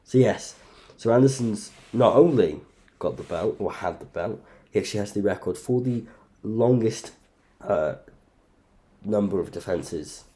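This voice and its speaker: Low, dark-voiced sweary man. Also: animated, unhurried, pauses often. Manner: sweary, loudly incredulous outbursts. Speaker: podcast host ranking fighters. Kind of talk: casual podcast chat.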